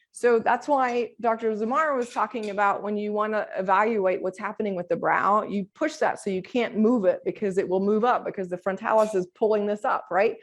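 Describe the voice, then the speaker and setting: A middle-aged woman optometrist giving a conference lecture in a chatty way, acting out stories about her patients. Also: mid-range voice.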